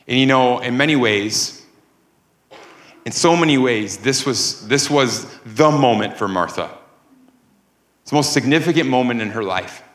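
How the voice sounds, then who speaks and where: A man's voice: mid-range voice, fairly bright tone. A man preaching a sermon as pastor, emphatic, with rising and falling cadence. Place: church sanctuary. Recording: echoey church room.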